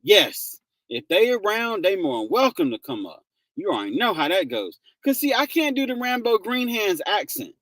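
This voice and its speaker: A man's voice: sits high, big pitch swings, normal speed, a bit bright, no echo. A man hosting a casual livestream, greeting viewers by name and laughing often. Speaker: livestream host.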